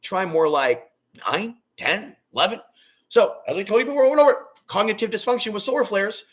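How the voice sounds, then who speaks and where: A man talking straight to his viewers in a loud, booming, rambling monologue that swings between excited bursts and low, hushed stretches. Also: brisk. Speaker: vlogger.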